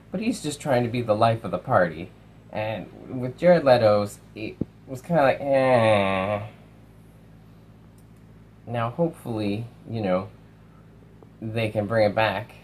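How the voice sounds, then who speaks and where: A young man casually reviewing films, animated, swearing and acting out lines from movies. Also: mid-range voice, slight background noise, poor audio. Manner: animated, swears, acts out quotes. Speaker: film reviewer.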